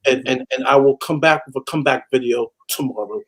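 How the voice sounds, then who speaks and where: A man's voice: medium pitch, brisk, a bit bright, breathy edge, low-quality recording. A man hosting a casual fan chat, laughing often and stumbling over his words. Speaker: podcast host.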